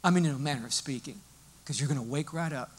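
A male pastor preaching a sermon in a lively, storytelling way, explaining as he goes. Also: a little high, quick pace, breathy edge.

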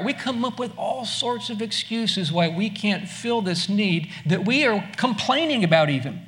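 A man's voice: high voice, animated, moderate pace, few pauses, a bit bright. A man preaching a sermon as a pastor, in a conversational way, asking the listeners direct questions.

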